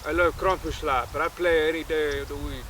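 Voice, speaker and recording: A man voicing a huge male ogre-goblin who is smug and unshakable, talking slowly and haltingly with filler sounds. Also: on the high side, steady tone, a bit bright, slight background noise, close to an everyday voice, poor audio. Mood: boastful.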